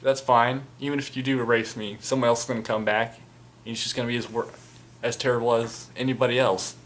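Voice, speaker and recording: Casting: man doing an unhinged, defiant warrior, loud and cocky, pitched up. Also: flat delivery, fairly quick, close to an everyday voice. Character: crazy remorseless male warrior, brash and defiant.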